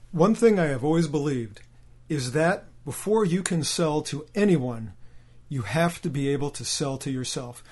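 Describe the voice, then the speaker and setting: A man's voice: fairly high pitch, darkish tone, breathy edge. A man giving a motivational sales training talk, speaking directly to the listener with emphasis and frequent rhetorical questions. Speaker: sales coach.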